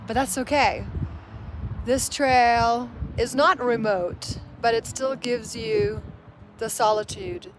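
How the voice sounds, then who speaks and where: A woman hiking alone and filming a casual vlog outdoors on a mountain trail, chatty and reflective as she muses aloud to the camera. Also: on the high side. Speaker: solo thru-hiker vlogger.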